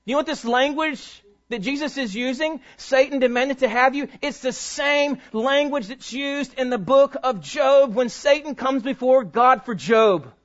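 A man with a very high voice preaches to his congregation from the pulpit. He reads scripture aloud and speaks straight to the listeners, swelling to loud peaks and sinking to near whispers. The church recording sounds dull and muffled. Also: a little slow, hardly any pauses. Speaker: pastor. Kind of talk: sermon. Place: church sanctuary before a congregation.

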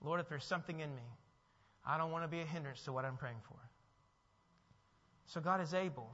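A man preaching a sermon as pastor, animated and asking his listeners questions. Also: a little high, brisk. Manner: animated, asks the audience questions. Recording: dull, with long hall reverb.

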